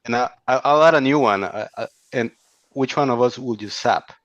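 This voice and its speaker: A man's voice: medium pitch, normal speed, no room sound, lo-fi sound, close to an everyday voice. A man putting on a hammy Australian accent, playing a mock-formal host who keeps saying mate. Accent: put-on Australian. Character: jokey Australian bloke host, says mate constantly. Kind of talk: casual livestream banter.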